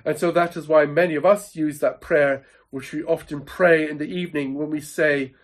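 A man preaching with a fairly high voice, earnest and emphatic. He leans on repeated phrases to build a steady rhythm through the sermon. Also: moderate pace.

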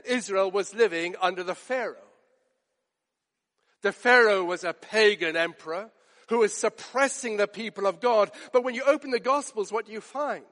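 A man with a high voice delivers a sermon, earnest and deliberate, leaning on repeated phrases. His words ring out with a long reverb trailing behind them, as in a large church. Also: a bit bright. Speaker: preacher.

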